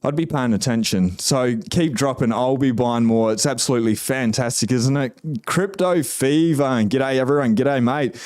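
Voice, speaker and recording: A man's voice: medium pitch, normal speed, few pauses, a little mellow, dry recording, clean studio sound. A middle-aged Australian man hosting a casual live stream, chatting and greeting viewers as he reads their comments. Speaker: host.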